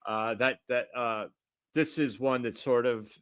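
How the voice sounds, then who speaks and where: A man's voice: mid-range voice, a little slow, a bit bright, clean tone, dry recording. Easygoing chuckling man, dry mic. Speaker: podcast co-host. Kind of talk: casual chat.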